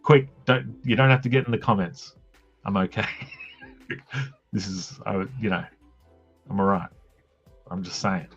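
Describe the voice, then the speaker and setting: A man chats casually on a drawing stream, spinning self-mocking stories with quick voiced quotes. His voice sits a bit low. The audio is dull and lo-fi, with faint music underneath. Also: steady tone, gravelly, breathy edge. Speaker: host of a drawing live stream. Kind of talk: casual storytelling chat.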